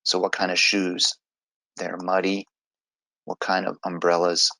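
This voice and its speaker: Low gravelly man teaching grammar. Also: monotone, unhurried, sharp tone, dry recording, low-quality recording. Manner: patient, explains step by step. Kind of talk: online grammar lesson.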